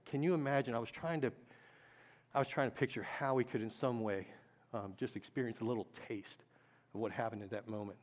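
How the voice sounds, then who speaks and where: A man preaching to a congregation in a mid-pitched voice. He talks earnestly, repeats key phrases and keeps putting questions to his listeners. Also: steady tone, a little fast. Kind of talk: sermon.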